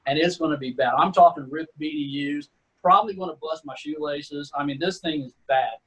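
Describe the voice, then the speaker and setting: Middle-aged man, husky voice, higher-pitched, laid-back army storyteller. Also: a little fast, a bit bright, low-quality recording. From Texas. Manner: laid-back, chatty, uses "man" and "dude" a lot. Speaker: retired Army sergeant first class, guest. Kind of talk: casual storytelling.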